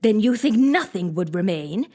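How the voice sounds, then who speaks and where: A woman's voice: mid-range voice, animated, normal speed, mellow, lightly acted. Woman doing bossy queen, scolding, big swoops in her voice. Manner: emphatic, scolding. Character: bossy stern adult queen, sharp-tongued.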